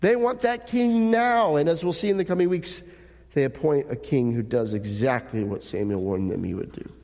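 A pastor giving a sermon, reading scripture aloud and asking the congregation rhetorical questions in an earnest way. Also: male voice, mid-range voice, a little fast, mellow, long reverb tail. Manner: earnest preaching with rhetorical questions, occasional light laughs.

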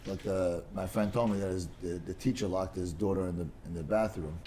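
A man's voice: sits low, fairly even intonation, brisk, warm tone, slight background noise. A man teaching a casual study class, rambling and digressive, stumbling over repeated words and mixing in Hebrew and Aramaic terms.

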